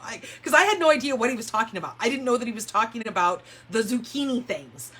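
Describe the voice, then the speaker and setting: Her voice is a little high, a little fast, expressive and fairly bright, with a slight roughness. The California woman chats casually while showing paper crafts on a livestream from home, telling meandering stories and laughing often.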